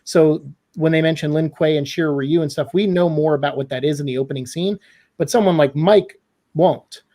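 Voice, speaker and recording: A man giving an animated, opinionated critique as a guest in a casual podcast discussion. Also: fairly high pitch, brisk.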